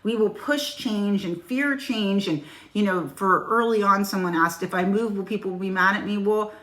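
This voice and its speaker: A woman's voice: medium pitch, moderate pace, a bit bright. A middle-aged woman giving a casual live-stream tarot reading, talking frankly and swearing freely as she addresses viewers by name. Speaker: tarot reader. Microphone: phone.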